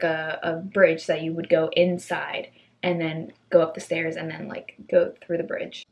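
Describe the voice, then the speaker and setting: A young woman vlogging, telling funny stories in a chatty, animated way and acting out the people in them. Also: fairly low pitch. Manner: chatty, animated, acts out voices in quotes. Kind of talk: casual storytelling.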